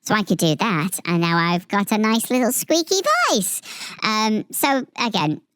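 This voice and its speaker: Squeaky chipmunk voice. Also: male voice, lively intonation, unhurried, fairly bright tone, clean tone, no room sound. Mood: playful. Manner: chatty, playful demo talk. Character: squeaky pitched-up version of a man's voice. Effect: pitch-shifter raising the voice to a squeaky register. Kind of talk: gear demonstration.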